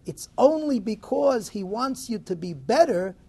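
A man voicing a shrewd fired worker who reassures his friend, in a gravelly voice within a lecture parable. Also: sits high, expressive, unhurried, dark tone, a little hiss or hum, pitched above the performer's own voice, full character voice. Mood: reassuring. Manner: reassuring, explaining.

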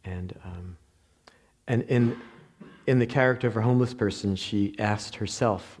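A man with a New Jersey accent giving a reflective Zen dharma talk, halting with many pauses, fillers and restarts. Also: on the low side, darkish tone. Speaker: Zen meditation teacher.

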